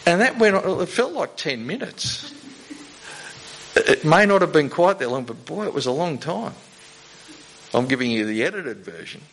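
A man's voice: on the high side, gravelly, a bit bright, a little hiss or hum, low-quality recording. A man giving a sermon in a conversational way, often asking the congregation rhetorical questions. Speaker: preacher.

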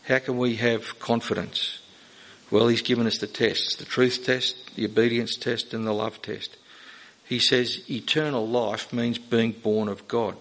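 A man's voice: mid-range voice, level tone, unhurried, fairly bright tone, low-quality recording. A man preaching a sermon, earnest, building to emphatic questions. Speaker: pastor.

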